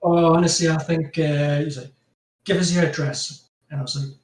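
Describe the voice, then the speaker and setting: A brisk talker, this man has a fairly high, darkish voice and fairly even intonation. As a podcast guest, the North East England graphic designer with a strong Geordie accent rambles casually, laughs often and scatters "you know" throughout, captured in a roomy recording from a distance.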